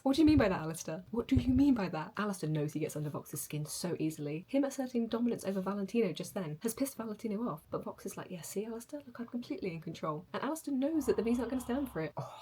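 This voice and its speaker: A young woman reacting to a show on her channel, gasping and gushing excitedly. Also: mid-range voice, breathy edge. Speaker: reaction video host. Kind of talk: casual reaction commentary.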